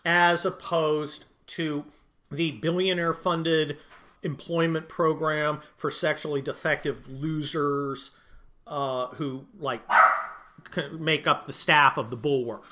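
A man's voice: fairly high pitch, steady tone, takes it slowly, slight background noise. Sarcastic man hosting a home podcast. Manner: sarcastic, rambling, yells at barking dogs. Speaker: podcast host. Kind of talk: casual political commentary. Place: home with barking dogs.

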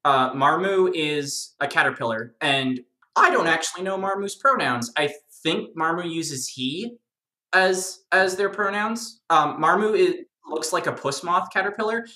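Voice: medium pitch, unhurried, bright, forceful tone, roomy sound. A podcast guest explaining game lore in casual chat, enthusiastic and rambling with many fillers.

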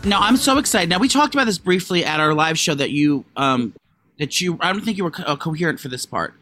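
A man co-hosting a podcast, chatting casually and rambling with many fillers and animated jumps. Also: fast, faint music behind. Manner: rambling, lots of likes and ums, animated jumps in pitch. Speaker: podcast co-host. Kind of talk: casual gossip chat.

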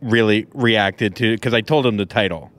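A man's voice: lowish voice, normal speed, fairly bright tone. A man in his thirties co-hosting a podcast in casual chat. He jokes crudely and talks in a slightly nervous way. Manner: joking, crude, a bit nervous. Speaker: podcast co-host.

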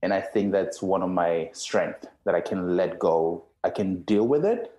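A man in his thirties with a fairly low voice speaks earnestly in casual podcast chat. He rambles and restarts often, and the room gives his words a noticeable echo. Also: animated, unhurried, dark tone. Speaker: guest cohost. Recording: roomy echo.

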